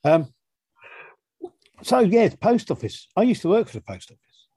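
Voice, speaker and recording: A middle-aged man co-hosting a casual podcast chat with his son, tossing in dry, deadpan quips. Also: high voice, moderate pace, slightly rough, no room sound. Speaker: co-host, the host's father.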